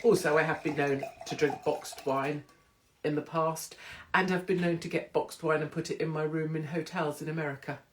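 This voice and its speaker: A woman's voice: sits low, fairly even intonation, moderate pace, background noise. A woman from England with a British accent, hosting her own live stream from home in a chatty, irreverent, oversharing way. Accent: British English. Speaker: host of a live-streamed show. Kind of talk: casual live-stream chat. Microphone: phone or computer live stream.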